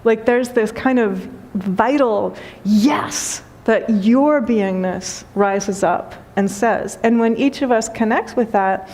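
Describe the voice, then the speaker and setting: A woman's voice: fairly high pitch, slow, few pauses, a little mellow. A woman giving a spiritual talk as teacher, telling a funny story and laughing often.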